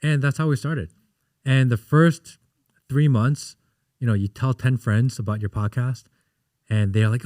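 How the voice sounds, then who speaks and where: A man in his thirties, a podcast guest, chatting casually and telling animated stories in which he acts out what people said. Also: medium pitch, measured pace, pauses often, no echo, studio quality. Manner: animated storyteller, acts out quotes. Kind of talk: casual interview chat.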